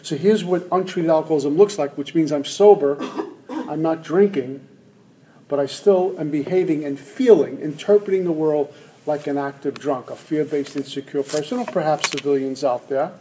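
A man's voice: on the high side, moderate pace, mellow, slight background noise, low-quality recording. A man speaking at a recovery meeting to a live audience, humorous and acting out the voices in his head. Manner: humorous, acts out inner voices. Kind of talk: personal talk to a live audience.

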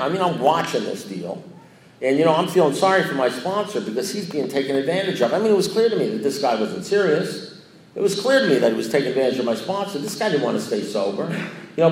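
A man's voice: on the high side, a little hiss or hum. A man sharing a recovery story, rambling and repeating himself, playfully acting out what others said. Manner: repetitive, self-mocking, acts out quoted lines. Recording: echoey room.

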